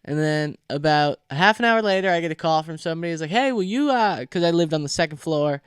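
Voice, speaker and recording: A young man hosting a podcast alone, telling a college story in a casual, animated way, swearing and acting out the people he quotes. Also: on the high side, quick pace, smooth, no echo, clean studio sound. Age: young adult. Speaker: podcast host. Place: home.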